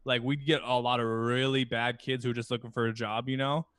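A man talks casually on a comedy podcast, recorded close and dry. He explains things in a relaxed way, walking through examples. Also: medium pitch, a little fast, clean tone, no room sound. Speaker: podcast co-host.

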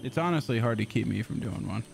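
A young man casually commenting on his gameplay as a streamer, excitable and swearing often. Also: lowish voice, fast, vocal fry, over music.

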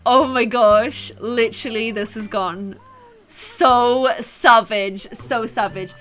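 Bright, animated woman gaming. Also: fairly high pitch, unhurried, faint music behind. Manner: animated, dramatic, breaks into laughter. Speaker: gaming video host. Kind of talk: playful gaming commentary.

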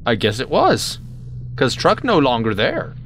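A man's voice: medium pitch, huge pitch swings, a little slow, a bit bright, slight background noise. A man hosting a let's play, rambling in casual gameplay commentary with self-mocking asides. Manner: rambling, self-mocking, lots of sudden yelps.

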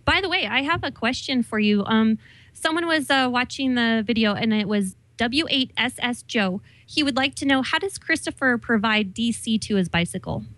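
A woman's voice: fairly high pitch, moderate pace, fairly bright tone, dry recording, low-quality recording. Chatty female co-host. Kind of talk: casual chat.

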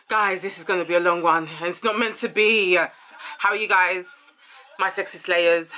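A woman's voice: on the low side, moderate pace. A woman from Ghana hosting a casual vlog, talking animatedly and now and then dropping to a whisper. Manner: animated, drifts into whispers and singing. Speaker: host.

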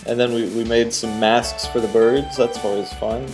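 A man giving casual, excitable commentary while playing a video game, cheering on the character and guessing at the boss's moves. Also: medium pitch, moderate pace, music in the background. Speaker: let's play host.

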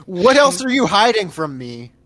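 Laughing, chatty man with a higher voice. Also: very animated, normal speed, a bit bright, no room sound. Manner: jokey, laughs often. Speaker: podcast co-host. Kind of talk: casual movie-review chat.

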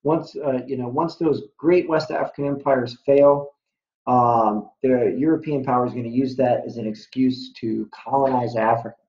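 A male history teacher expands on the lesson with careful background detail. His voice sits at an ordinary pitch. The recording is roomy and echoey, with a dull, lo-fi tone. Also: steady tone, moderate pace, a little mellow. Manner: explanatory, adds background detail. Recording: echoey room, dull lo-fi sound.

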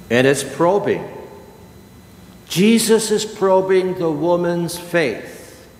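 An older male pastor preaches at an unhurried pace, leaning on his words with deliberate pauses. His voice sits at a middle pitch. It rings through a reverberant church sanctuary over a faint hum of room ambience. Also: a little mellow. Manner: slow, emphatic preaching with dramatic pauses. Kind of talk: sermon. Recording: echoey church hall with long reverb.

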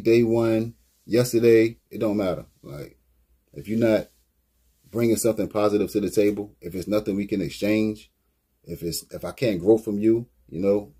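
Male rapper, mellow and deep-toned, raspy voice, casual slangy album commentary. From Virginia, US. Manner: laid-back, slangy, rambling. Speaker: rapper and brand owner.

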